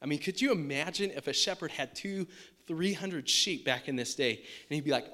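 Man preaching in a chatty, questioning way. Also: moderate pace. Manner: conversational preaching, asks the audience questions; puts on a high excited dog-talk voice at times. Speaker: pastor. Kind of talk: sermon.

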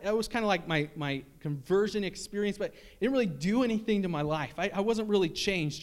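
Earnest conversational male preacher. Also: a little high. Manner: earnest and conversational, with storytelling and rhetorical questions. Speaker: pastor. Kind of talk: sermon.

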